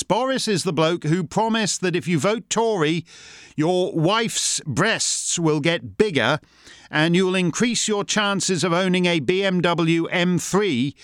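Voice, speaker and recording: A man's voice: high voice, fairly bright tone, clear, resonant tone, dry recording, studio quality. A man hosting a satirical monologue, sardonic and mocking in manner. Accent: Canadian. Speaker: host.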